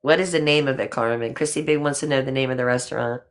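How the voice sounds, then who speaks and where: A woman's voice: a bass voice, fairly even intonation, fast. An older woman hosting a casual livestream chat, talking affectionately to viewers and a guest, with a habit of swearing lightly. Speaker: livestream host.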